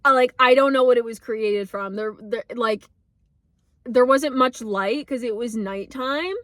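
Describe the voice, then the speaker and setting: A woman's voice: on the high side, measured pace, fairly bright tone, no echo, studio quality. A young woman telling a personal story in a casual, emotional way, with lots of fillers, swearing and nervous laughs. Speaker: vlogger.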